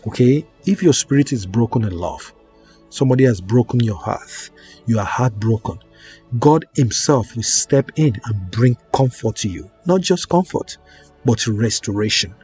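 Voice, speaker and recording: A man slowly teaching viewers a prayer ritual, coaxing them along and often checking in with "okay?" and "right?". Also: mid-range voice, lively intonation. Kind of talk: slow instructional prayer teaching. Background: soft background music.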